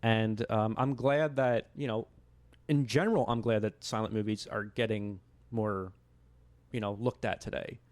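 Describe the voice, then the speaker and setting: A man's voice: lowish voice, fairly even intonation, measured pace, no room sound. A man co-hosting a podcast, in casual film chat. He is enthusiastic and rambling, restarting his sentences often. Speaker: podcast co-host.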